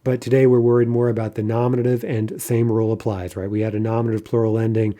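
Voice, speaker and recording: A man teaching an online language grammar lesson, explaining patterns step by step, often checking in with "right?" and trailing off into quieter asides. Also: fairly low pitch, little pitch movement, fast.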